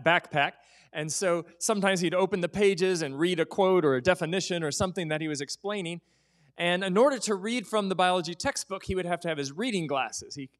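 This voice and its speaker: A pastor preaches in a church, and his voice sits high for a man. He tells the story with plenty of drama, acting out the people in it. He drops to a whisper at the key moments. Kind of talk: sermon.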